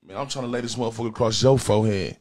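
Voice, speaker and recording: A man hosting a comedy call-in show, trading crude jokes with callers in a loud, profane, teasing way. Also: medium pitch, rapid-fire. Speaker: comedy show host taking calls. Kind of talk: crude joking banter with callers.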